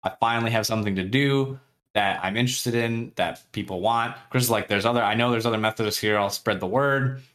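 A man co-hosts a podcast, briskly recapping a book chapter in a casual, chatty manner. His voice is fairly low and fairly bright, and he often laughs and acts out the characters' lines.

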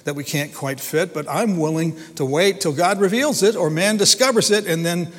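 A man's voice: sits high, moderate pace. A man preaching a sermon in an earnest, emphatic way, often repeating and restarting his words. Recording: long hall reverb.

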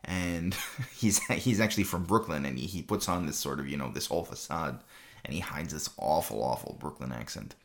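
A man's voice: extremely low pitch, normal speed, fairly bright tone. A man hosting a film review show, talking casually and rambling, with many fillers and repeated phrases.

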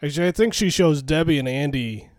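A man's voice: a little high, fairly quick, dry recording, studio quality. A man co-hosting a podcast, retelling a movie plot in casual chat, laughing and swearing often. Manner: laughing, profane, animated retelling. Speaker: podcast co-host.

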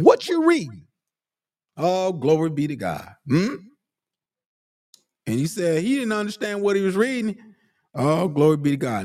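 Fervent male preacher with a lively voice. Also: high voice. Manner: animated, frequent "glory be to God" and "hmm?"; rising to fervent emphasis, drawn-out words. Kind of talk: sermon.

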